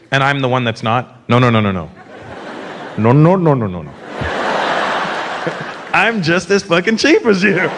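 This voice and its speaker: A man doing a stand-up comedy routine on a live stage, animated and slipping into mocking impressions. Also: a little high. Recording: live show with loud audience and noise.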